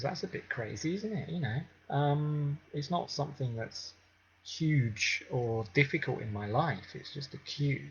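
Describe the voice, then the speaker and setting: Gravelly-voiced man teaching mindfulness. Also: mid-range voice, muffled recording, slight background noise. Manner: unhurried, conversational, many filler ums. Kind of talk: informal teaching talk.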